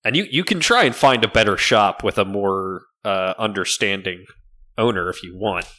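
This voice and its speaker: A man running a tabletop game as game master, talking in a halting way with many fillers. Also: lowish voice, expressive, bright, forceful tone.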